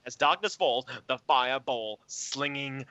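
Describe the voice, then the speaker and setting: A man's voice: medium pitch, a little slow, pushed and bright, dry recording. A man co-hosting a casual comedy podcast, reading odd news items in a mock-announcer way. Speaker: podcast co-host.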